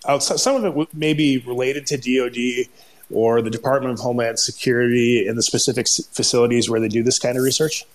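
A man's voice: medium pitch, steady tone, fast. A man with a Minnesota accent, co-hosting a podcast and explaining research history off the cuff, with frequent restarts and cut-off words. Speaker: podcast co-host, scientist.

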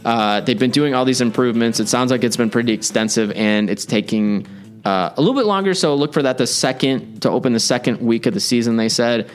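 A man's voice: mid-range voice, fairly quick, soft background music. Chatty, rambling man hosting a podcast. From Chicago area. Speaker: podcast host. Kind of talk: casual podcast chat.

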